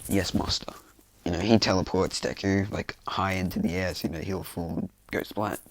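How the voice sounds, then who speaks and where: A man's voice: deep voice, steady tone, fairly quick, no room sound, rough recording. A man telling a story casually at home, rambling with lots of fillers. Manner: rambling, heavy fillers, loose and offhand. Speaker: fan storyteller. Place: room at home.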